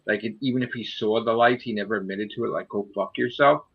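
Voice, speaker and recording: A man co-hosting a casual fan podcast, talking in a blunt, animated way and swearing often. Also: on the low side, fast, breathy edge. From Italian heritage. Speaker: podcast co-host. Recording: muffled lo-fi audio.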